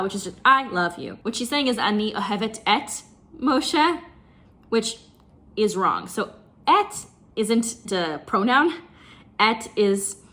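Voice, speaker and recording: A woman's voice: mid-range voice, fairly bright tone. A woman hosting a reaction video, chatting casually and breaking down words one at a time, with frequent laughter. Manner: chatty, laughing, explains word by word.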